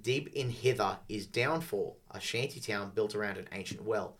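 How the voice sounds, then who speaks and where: A man with a fairly low voice hosts a relaxed podcast chat. He reads game-book passages aloud, often stumbling and restarting as he goes. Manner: chatty, halting restarts when reading. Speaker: podcast host.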